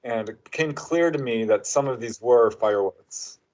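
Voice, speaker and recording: A man of average pitch speaking as a guest author. He tells his stories with energy, breaking into other voices for the quoted lines. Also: normal speed, low-quality recording. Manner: animated storyteller who acts out quotes. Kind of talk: casual interview chat.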